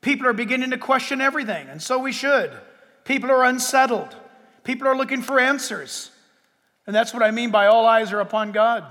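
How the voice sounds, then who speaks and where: A male pastor delivers a sermon in a strikingly high voice. He stretches out words with dramatic pauses, then breaks into loud bursts. A long reverb from a large hall follows every phrase.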